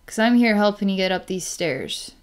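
A woman voicing the indignant female spirit of a scorned woman, questioning defiantly in a smooth voice. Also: mid-range voice, expressive, moderate pace, natural voice.

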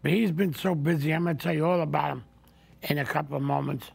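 A man's voice: fairly high pitch, steady tone, fast, no room sound. An older man, hosting a talk show in a rambling, opinionated, casual way. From New York. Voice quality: gravelly. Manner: rambling, opinionated, repeats himself.

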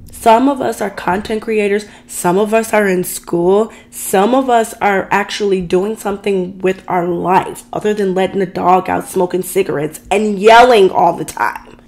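A woman's voice: mid-range voice, moderate pace, darkish tone. A woman vlogger telling a dramatic personal story in a chatty, ranting way, talking straight to her viewers. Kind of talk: casual storytime rant.

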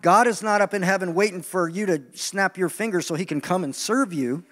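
A man preaching a sermon in an animated, joking way, acting out the voices he quotes. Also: sits high, fairly quick, big-room sound. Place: large meeting hall.

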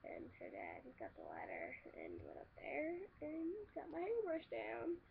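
A high-voiced woman rambling through a casual vlog, swearing and restarting her sentences as she tells stories. The recording sounds a bit dull, with faint noise behind her. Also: wildly swooping pitch, a little slow, gravelly. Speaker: vlogger. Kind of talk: casual chat answering viewer questions.

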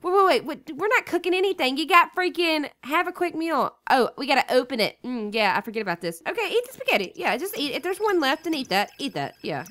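A young woman with the sniffles commentates a life-sim game, bossing and teasing the characters in an excitable, jokey way. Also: high-pitched, fast talker, hardly any pauses. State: sniffly with a cold. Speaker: gaming YouTuber. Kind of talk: Let's Play commentary.

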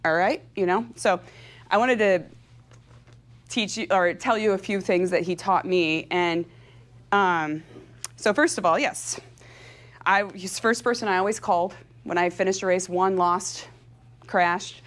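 A woman from California giving a motivational talk to an audience, energetic and chatty, laughing often and speaking with open feeling. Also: on the low side, measured pace, long pauses. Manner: emotional and openly heartfelt. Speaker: professional cyclist giving a talk.

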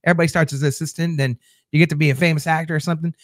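Guy hosting a tv recap, kinda high voice, rambly and chatty, dry close sound. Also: fairly even intonation, rapid-fire, dry recording. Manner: rambling and chatty, with many fillers and restarts. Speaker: host of a TV episode recap show. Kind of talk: casual episode recap talking to viewers.

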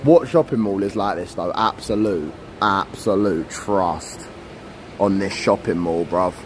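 A man's voice: low-pitched, a little slow, background noise. A man, chatting and laughing with a friend while walking through a shopping mall, filmed on a phone. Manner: laughing, slangy banter. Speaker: vlogger. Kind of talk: casual chat.

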